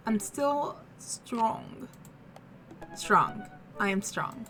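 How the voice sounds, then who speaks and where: A woman's voice: fairly high pitch, lively intonation, very slow, fairly bright tone, soft background music, heavily acted. A woman reading the stilted, oddly formal text messages of an awkward male dad character.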